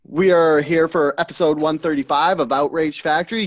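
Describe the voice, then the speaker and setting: A man hosting a podcast in an energetic, joking, playful way. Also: fairly high pitch, moderate pace, few pauses. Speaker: podcast host. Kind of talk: casual podcast chat.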